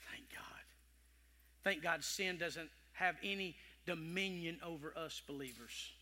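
A male preacher delivering an animated sermon, dropping to whispers and rising to loud calls. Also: on the high side, measured pace. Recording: long hall reverb.

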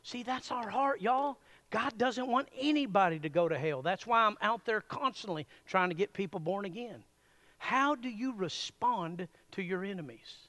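A man preaching a sermon in a church, folksy and animated, chuckling often as he addresses the congregation. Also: high voice, normal speed. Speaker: pastor.

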